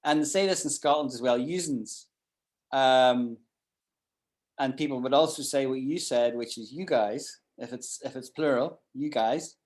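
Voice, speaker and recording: A man's voice: medium pitch, fairly even intonation, moderate pace. A man teaching an online English class, explaining usage with frequent restarts and repeated words over a video call. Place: at home in Ireland.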